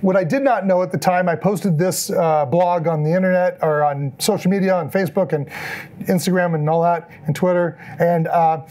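A man's voice: high-pitched, moderate pace. A middle-aged man giving a storytelling talk as an event photographer, acting out the lines people said. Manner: animated, acts out quoted lines in the story. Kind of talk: storytelling presentation.

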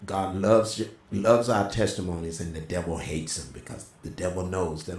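A middle-aged man telling a personal testimony in a casual, animated way, as a co-host. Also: normal speed, few pauses, a little hiss or hum. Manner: animated storyteller, voice jumps high when quoting. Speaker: prophet and co-host. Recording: roomy echo.

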